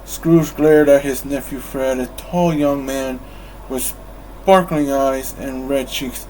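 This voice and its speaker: Bedtime storybook reader: calm man, very slow delivery, faint noise behind. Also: medium pitch, low-quality recording. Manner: calm, unhurried, measured.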